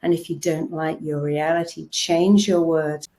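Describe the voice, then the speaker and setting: Lower-voiced woman telling stories. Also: measured pace. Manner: lively storytelling with acted-out quotes. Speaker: therapist and self-help speaker. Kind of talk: motivational talk to camera.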